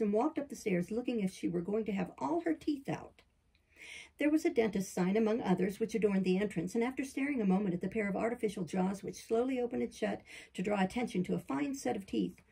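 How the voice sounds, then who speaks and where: A woman reads a classic novel aloud in a steady, measured way. Her voice is very husky and gravelly, with a dark, mellow tone. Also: mid-range voice, low-quality recording. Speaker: audiobook reader. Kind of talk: scripted narration of a classic novel.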